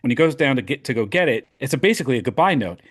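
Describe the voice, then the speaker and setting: A man co-hosts a casual baseball podcast and retells movie scenes with real enthusiasm. His voice sits at a medium pitch, and his speech is lively and conversational. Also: very fast. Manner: enthusiastic storyteller, animated retellings. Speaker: podcast co-host. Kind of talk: casual chat.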